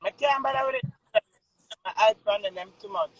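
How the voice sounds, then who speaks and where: A woman hosting a live stream, relaxed, playful and chatty. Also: a little high, brisk, no room sound, muffled recording. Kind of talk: casual live stream chat.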